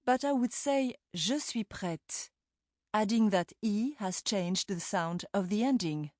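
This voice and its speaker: A woman's voice: mid-range voice, lively intonation, measured pace, a little mellow, dry recording, studio quality. A woman reading a scripted language lesson for an audiobook, demonstrating words carefully. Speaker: language tutor.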